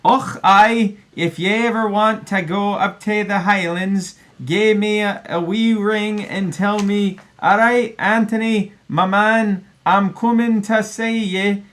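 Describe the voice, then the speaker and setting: A man voicing a boisterous, friendly Scottish man in a broad, exaggerated Scottish accent, pitched well above his own voice. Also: steady tone, takes it slowly, hardly any pauses, fairly bright tone. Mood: jolly.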